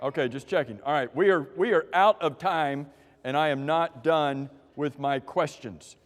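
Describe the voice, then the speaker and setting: A man's voice: a little high, moderate pace, in a large hall. A man leading a church class through quiz questions, joking with the people who answer and calling on them by name. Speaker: Bible class teacher.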